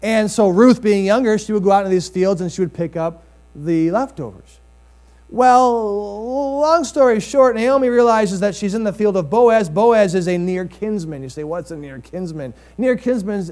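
High-voiced man preaching a sermon. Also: a little mellow. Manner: conversational, with rising emphatic bursts and dramatic scripture reading.

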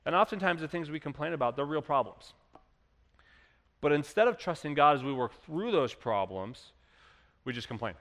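A man preaching a sermon as pastor, animated, acting out quoted complainers in a raised voice. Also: fairly high pitch, normal speed, long pauses, long reverb tail.

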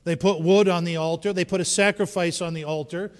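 A man preaching a sermon as dramatic storytelling, rising to shouts and dropping to hushed tones, in a church sanctuary. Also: fairly high pitch, steady tone, a little fast. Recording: long reverb of a large hall.

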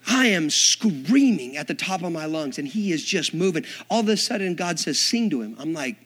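A man preaching, a minister telling a story with acted-out dialogue and big swings from hushed asides to shouting. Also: fairly high pitch, animated, normal speed, breathy edge. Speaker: Assembly of God minister. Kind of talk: storytelling sermon.

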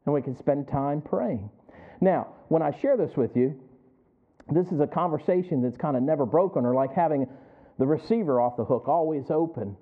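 A man's voice: on the high side, normal speed. A middle-aged man preaching a sermon. He talks conversationally, often chuckling, and keeps asking the congregation to answer him back. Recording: tinny phone-like sound.

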